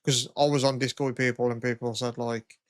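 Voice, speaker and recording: A man's voice: medium pitch, level tone, fairly quick, dry recording, studio quality. A young man, co-hosting a casual podcast chat, rambling and swearing a lot. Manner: rambling, sweary, lots of "you know what I mean". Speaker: podcast co-host.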